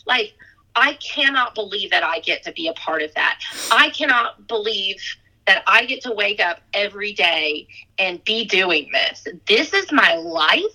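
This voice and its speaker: Bright-voiced woman coach, heartfelt and gushing. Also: medium pitch, lively intonation, a little slow, rough recording. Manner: heartfelt, gushing, with frequent "like" and laughter. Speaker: fitness coach and gym owner. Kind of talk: emotional podcast conversation.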